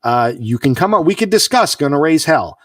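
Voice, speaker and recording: A man co-hosting a casual podcast, ranting with mock exasperation, his pitch leaping up and down. He is set a little back from the mic in a dry, dead room. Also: very animated, brisk, no room sound, distant mic. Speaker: podcast co-host.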